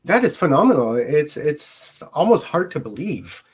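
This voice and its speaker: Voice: mid-range voice, sing-song, normal speed, slightly rough. An interview host giving short reactions and backchannels in a casual chat.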